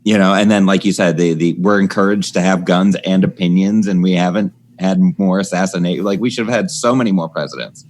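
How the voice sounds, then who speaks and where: A man's voice: low voice, fairly even intonation, a little fast, hardly any pauses, slight background noise. A man co-hosting a comedy podcast, laid-back, adding dry punchlines to the others' jokes. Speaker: podcast co-host. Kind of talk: casual comedic banter.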